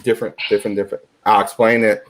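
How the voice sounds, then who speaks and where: A man hosting a casual group chat on an online call, loud and joking, swearing freely. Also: on the low side, flat delivery, racing. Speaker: podcast host.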